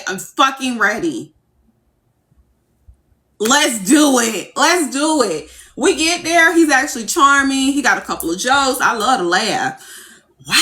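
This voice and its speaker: A young woman ranting casually on a livestream, brash and profane, breaking into giddy squeals when she acts out her excitement. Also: fairly high pitch.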